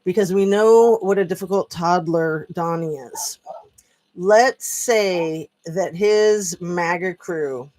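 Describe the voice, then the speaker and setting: A woman's voice: on the low side, slow, a little mellow. Rambling, chatty woman vlogger. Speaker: political commentary vlogger. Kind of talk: casual commentary monologue. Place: at home with a dog.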